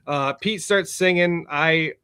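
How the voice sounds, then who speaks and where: A man with a slightly raised, lively voice tells a story as a guest on a casual podcast. He laughs often, swears freely and fills his talk with loose fillers. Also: fairly high pitch, takes it slowly, clear, resonant tone. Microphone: remote call setup.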